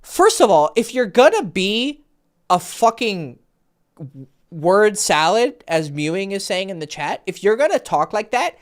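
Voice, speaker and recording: The voice swings up and down in pitch and stays animated. He is a man coaching a caller on a livestream, with blunt, foul-mouthed advice that hops from one thought to the next. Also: unhurried. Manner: jumps between thoughts. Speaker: dating coach.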